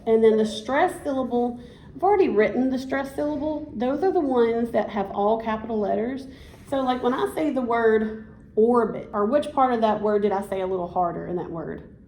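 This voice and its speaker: A woman with a fairly high, darkish voice speaks at a normal speed, with a slight hiss or hum and an echoey room around her. She's a teacher giving a one-on-one science lesson, praising and encouraging the student as she has them repeat after her.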